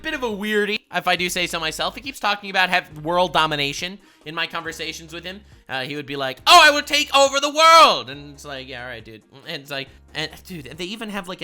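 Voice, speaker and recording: A man reacting to a video in casual commentary, swinging from loud exasperated rants to hushed mutters and swearing freely. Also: sits high. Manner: profane and exasperated. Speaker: reaction streamer.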